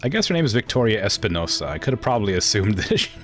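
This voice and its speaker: A man's voice: fairly low pitch, sing-song, racing, a bit bright, soft background music. A male streamer chatting casually and laughing as he plays a mech strategy game. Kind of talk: casual let's-play chat.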